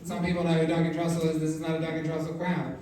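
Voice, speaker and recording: Middle-aged male stand-up, rambling and loud in bursts, high voice, recorded from a distance. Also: monotone, rapid-fire. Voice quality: voice often taken for a woman's on the phone. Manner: rambling, filler-heavy delivery with sudden loud outbursts. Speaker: stand-up comedian. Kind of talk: stand-up set. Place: comedy club stage. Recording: echoey club, distant mic, noisy.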